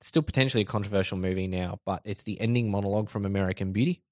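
A man's voice: fairly low pitch, very fast, no echo, studio quality. A man in casual chat on a podcast, earnestly sharing film moments and teasing his co-hosts. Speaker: podcast co-host.

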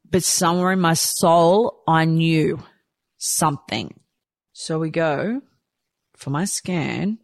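A woman telling a personal story candidly and from the heart, rushing and restarting her sentences. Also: low voice, no room sound. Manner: heartfelt, rushed, with frequent restarts. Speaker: storyteller sharing a personal experience.

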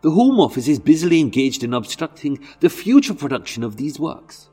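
A man's voice: on the high side, sing-song, fairly quick, warm tone, breathy edge, soft background music. Put-on welsh voice, sing-song and earnest, as a man puts it on, bouncy. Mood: mock earnest. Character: man in a mock Welsh voice reading a letter.

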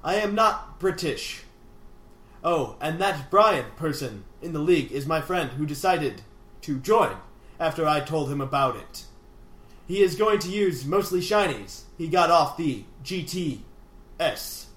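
A man's voice: fairly high pitch, lively intonation, unhurried, fairly bright tone. A man co-hosting a casual podcast, reading listener emails with comic flourishes and laughing easily. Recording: echoey room.

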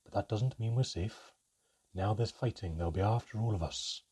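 A commanding goblin elder, put on by a man reading a storybook, talks in a low, urgent, firm way. His voice is deep-set and husky, with a dark, mellow tone. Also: moderate pace.

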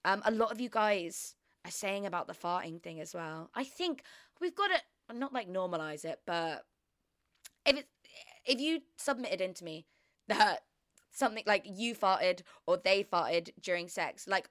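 A young woman hosts a solo podcast chat in a frank, chatty way, laughing and swearing freely. Her voice sits at an everyday middle pitch. It is recorded close and dry, with no room sound. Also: a bit bright, clean tone, dry recording. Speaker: podcast host.

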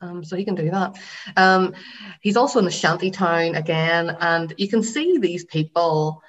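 A woman's voice: lowish voice, moderate pace, dull audio. A woman co-hosting a podcast in casual chat, rambling with lots of fillers and the odd swear word. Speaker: podcast co-host.

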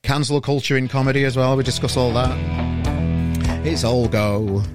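A man's voice: mid-range voice, moderate pace, loud music behind the voice. A man with a Sheffield accent, hosting a casual podcast interview over a video call from his bedroom, chatty and matey with frequent stumbles and restarts. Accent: Northern English, Sheffield. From Sheffield, England. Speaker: podcast host. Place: bedroom at home. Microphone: online video call.

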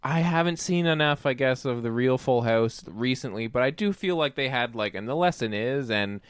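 A man with a smooth, clear voice thinks out loud on a podcast, looping through fillers as he builds his point. The sound is dry and close, with no room around it. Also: mid-range voice, animated, moderate pace, dry recording. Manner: thoughtful, rambling, many fillers like "like". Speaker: podcast co-host. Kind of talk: casual analytical chat.

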